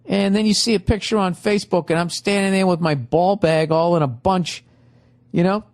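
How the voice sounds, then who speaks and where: Profane ranting man with a fairly high voice. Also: steady tone, moderate pace, a little mellow. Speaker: podcast host. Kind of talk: casual advice monologue.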